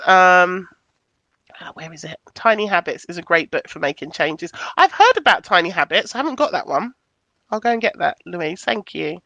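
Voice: medium pitch, sharp tone, no room sound. Candid, affectionate podcast host, dry sound. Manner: candid and open, swears casually; affectionate toward listeners. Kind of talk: casual chat reading out listener comments.

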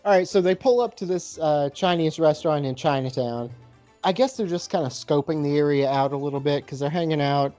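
Casual podcast co-host, man, slightly high voice, easygoing rambling delivery, faint music behind. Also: fairly quick, warm tone. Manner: laid-back, rambling with fillers. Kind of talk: casual movie-recap chat with beer review.

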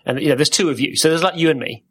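A man's voice: on the high side, rapid-fire, fairly bright tone, slightly rough. A man hosting a podcast in casual chat, a playful, rambling storyteller. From Wales. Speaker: podcast host.

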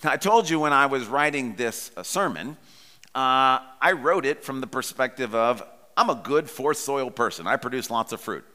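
A man's voice: medium pitch, bright, forceful tone, long reverb tail. A pastor in his forties preaching a sermon in a conversational, personal storytelling way.

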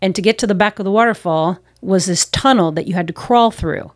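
A woman's voice: medium pitch, fairly quick, dry recording, clean studio sound. A missionary pastor, a woman, earnestly telling personal stories in an interview. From United States. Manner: earnest, reflective, acts out her own past self-talk.

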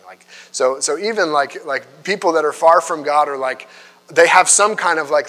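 A pastor talks through a sermon in a chatty, animated way, with frequent fillers. His voice is bright and fairly high. A long reverb trails behind him in the hall. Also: brisk. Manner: conversational, animated, filler-heavy.

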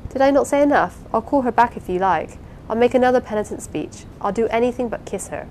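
A woman reading the part of an impulsive, warm-hearted young wife in an audiobook, with an eager, pleading, apologetic manner. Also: fairly high pitch, fast talker, slight background noise, voice pushed up, natural voice, low-quality recording. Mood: anxious.

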